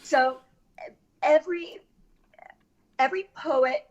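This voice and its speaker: A middle-aged woman from Massachusetts, a guest on a casual podcast, talking in a chatty, animated way and swearing casually. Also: high-pitched, slow, highs cut off. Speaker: guest, actress. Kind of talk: casual chat. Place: Los Angeles.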